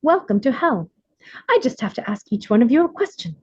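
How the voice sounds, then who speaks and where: A woman's voice: fairly high pitch, sing-song, a little fast, a little mellow, breathy edge, no room sound, lo-fi sound, pitched above the performer's own voice. A woman voicing a male demon greeting arrivals at hell's gate in a courteous, clipped, bureaucratic manner.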